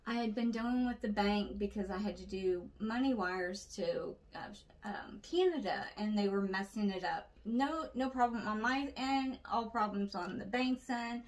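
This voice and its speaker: A woman's voice: mid-range voice, normal speed, few pauses, recorded from a distance. A woman in casual podcast chat, telling stories expressively and acting out what people said. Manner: expressive storyteller, acts out voices.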